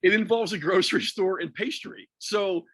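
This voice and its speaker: A man with a voice on the higher side tells a story in loose, swearing podcast chat. He keeps cracking himself up between sentences. The sound is dry and close, with no room in it. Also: fairly quick, slightly rough, no echo. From Texas. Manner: animated, profane, laughs through his own story. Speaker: podcast co-host or guest.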